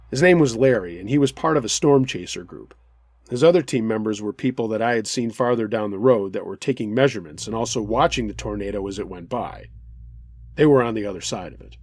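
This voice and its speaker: A man's voice: mid-range voice, darkish tone, no echo. A man hosting a scary story show, reading a listener's first-person account with earnest, dramatic storytelling.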